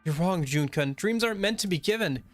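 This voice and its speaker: A man's voice: high-pitched, lively intonation, brisk, pitched above the performer's own voice. An earnest young heroine insists on her ideals in a raised voice, as a man reads her aloud. Faint game music plays behind.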